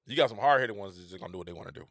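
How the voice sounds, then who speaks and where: A middle-aged man, hosting a casual opinion monologue with an animated, repetitive, preacher-like cadence. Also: on the low side, very fast, dry recording, studio quality. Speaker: host.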